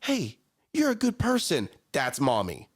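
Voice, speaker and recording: Man, thirties, co-host, casual chat, animated, very lively pitch, repeats words. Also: unhurried, breathy edge. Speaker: morning show co-host.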